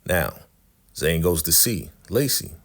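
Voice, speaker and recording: A man casually recapping a TV episode, retelling scenes and acting out the characters' lines in quick, chatty bursts. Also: deep voice, sing-song, creaky.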